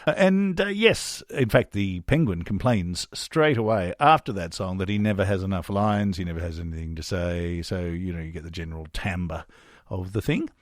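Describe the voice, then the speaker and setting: A man's voice: deep voice, normal speed, no echo, clean studio sound. An Australian man narrating a podcast in a casual, chatty, self-deprecating way, a former drama teacher. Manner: chatty, self-deprecating, drops into silly character voices.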